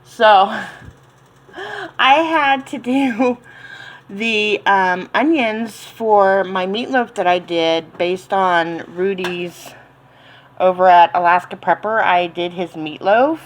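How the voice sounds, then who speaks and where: A woman's voice: mid-range voice, slow pace, low-quality recording. A woman with a Southern accent chatting casually in her home kitchen, rambling with lots of ums and little laughs. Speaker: home cooking channel host.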